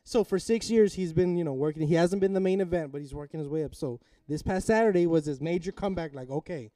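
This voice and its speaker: A man's voice: a little high, quick pace, no room sound, studio quality, far from the mic. A man telling a boxing story in casual chat. He swears a lot, gets carried away, and acts out the lines of the people in the story. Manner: excitable, swears a lot, shouts during the story, laughs often. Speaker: podcast co-host.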